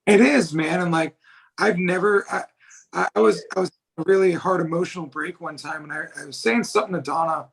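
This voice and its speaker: A man speaking as a guest in a casual chat, reflective and halting, with many fillers. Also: high-pitched, vocal fry, slight background noise.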